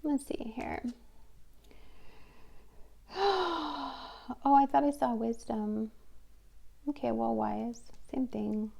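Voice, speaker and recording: Woman, tarot reader, unhurried delivery, hesitant and heartfelt, pick-a-card reading. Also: a little high, gravelly, darkish tone.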